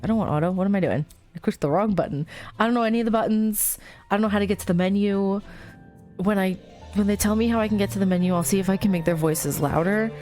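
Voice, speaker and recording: A woman's voice: medium pitch, fast talker, darkish tone, faint music behind. A young woman playing a story game, reading its text aloud with chatty, giggly asides. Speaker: let's play host.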